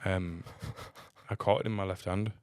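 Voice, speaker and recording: A man's voice: sits low, steady tone, unhurried, darkish tone, smooth, no room sound, clean studio sound. A man co-hosting a casual comedy podcast, rambling and trailing off with fillers. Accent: English. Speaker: podcast co-host. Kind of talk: casual chat.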